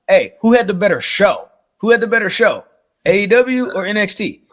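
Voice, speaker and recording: A man's voice: high-pitched, very animated, moderate pace, a bit bright. A man co-hosting a podcast, talking loose and profane, dropping "you feel me" often and laughing at his own stories. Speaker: podcast co-host. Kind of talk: casual chat.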